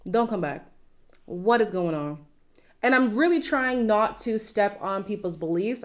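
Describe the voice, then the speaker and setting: Woman, casual recap commentary, sassy, incredulous, chatty, mid-pitched voice. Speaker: reality TV recap host.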